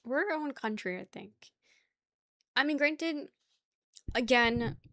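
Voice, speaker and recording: A woman's voice: high voice, lively intonation, slow, pushed and bright, no room sound, clean studio sound. A young woman from the New York area chatting casually with her stream chat, joking, laughing and rambling.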